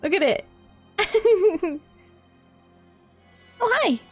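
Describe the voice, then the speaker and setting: A woman's voice: very high-pitched, lively intonation, extremely slow, faint music behind. A woman live-streaming a video game, giggling often and chatting to her viewers as she plays. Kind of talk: live gameplay commentary.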